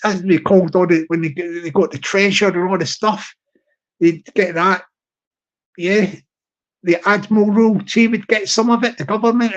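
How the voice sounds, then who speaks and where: A man's voice: high-pitched, highs cut off. A man hosting a live stream, chatting in a rambling way with many restarts and tangents. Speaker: livestream host.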